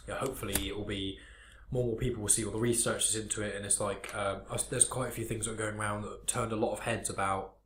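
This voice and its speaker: Man hosting a chat podcast, quick and rambling, in a roomy echoey space. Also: lowish voice, a little hiss or hum. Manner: rambling, animated, quick-talking. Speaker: podcast host. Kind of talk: casual chat.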